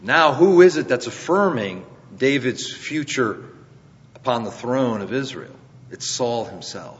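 A man's voice: mid-range voice, lively intonation, a little slow. A man teaching scripture verse by verse in a sermon, explaining earnestly and with emphasis, posing rhetorical questions. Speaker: preacher. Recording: dull lo-fi recording in a reverberant hall.

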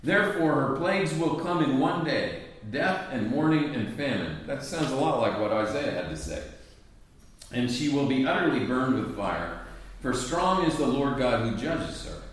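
A man's voice: medium pitch, expressive, moderate pace. Man preaching in a very echoey hall. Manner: reads long scripture passages aloud, then explains them plainly. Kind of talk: sermon with scripture reading. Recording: very echoey room, voice from a distant mic.

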